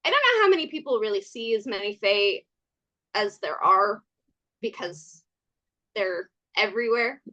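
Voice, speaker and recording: A woman from California, a podcast guest, telling stories in a lively, casual way, laughing often and saying "like" a lot. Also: medium pitch, moderate pace, pauses often, muffled recording. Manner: animated, laughs often, many "like" fillers. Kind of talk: casual storytelling chat.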